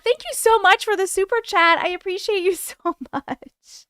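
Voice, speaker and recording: Bright, high-voiced woman chatting on a livestream. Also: no room sound, clean studio sound. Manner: chatty, giggly, quickly distracted. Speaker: livestream host. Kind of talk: casual livestream chat reading viewer comments.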